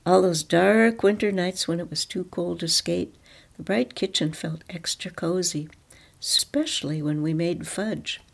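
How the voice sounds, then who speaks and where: A woman reads a first-person story aloud, calm and reflective. Her voice sits low, with a gravelly fry running through it. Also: unhurried.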